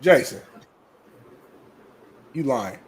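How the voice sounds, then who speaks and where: A man's voice: mid-range voice, animated, drawn-out words, crowd noise. A man co-hosting a sports talk show, chiming in with short reactions and quips. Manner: short interjections and backchannels. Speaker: co-host. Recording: echoey room with faint noise.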